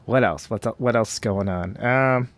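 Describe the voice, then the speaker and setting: A man's voice: fairly low pitch, moderate pace, no echo. Guy hosting his podcast from home, rambly and chatty, pokes fun at himself, dry close sound. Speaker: podcast host. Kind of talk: casual podcast intro monologue.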